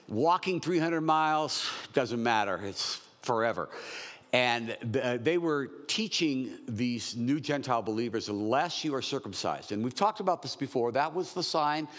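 A man's voice: mid-range voice, fairly bright tone, big-room sound. A man in his sixties preaching a verse-by-verse sermon in a conversational, joking way. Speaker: pastor.

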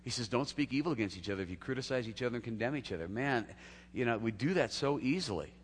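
A man's voice: mid-range voice, expressive, fast, a little hiss or hum. A man preaching a sermon in a loose, conversational way, talking directly to the congregation. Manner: conversational preaching with acted quotes and laughs. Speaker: pastor. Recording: long hall reverb.

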